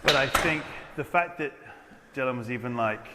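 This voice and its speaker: A man's voice: mid-range voice, moderate pace, heavy background noise. Man, casual podcast chat, earnest, restarts a lot; echoey room. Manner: earnest, rambling, frequent restarts. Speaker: podcast conversation partner.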